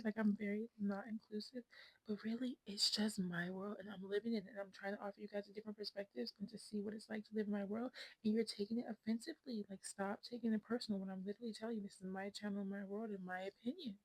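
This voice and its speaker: A woman in her twenties, vlogging casually to her phone camera at home, talks at a quick pace in a husky, medium-pitched voice with a steady tone. She's rambling, frank and self-absorbed, regularly slipping into whispers. The recording is dry and the audio poor.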